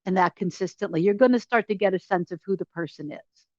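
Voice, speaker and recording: Animated woman host on a dry, dull call line. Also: fairly low pitch, dry recording. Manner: animated, quick bursts of enthusiasm. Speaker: journalist host. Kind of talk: casual interview chat.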